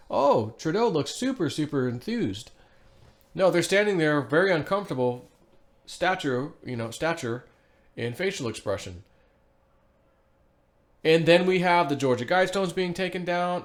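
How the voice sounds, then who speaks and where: A man hosting a casual solo video, reading online posts aloud and rambling through them with loose fillers and the odd chuckle. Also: fairly high pitch. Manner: rambling, animated, laughs to himself, frequent fillers. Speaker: vlogger.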